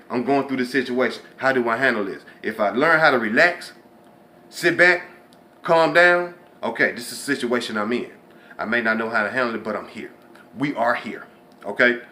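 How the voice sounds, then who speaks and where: A man hosting his own show, giving a conversational, preachy faith and motivation talk, dropping to a low hush when voicing inner thoughts. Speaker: host.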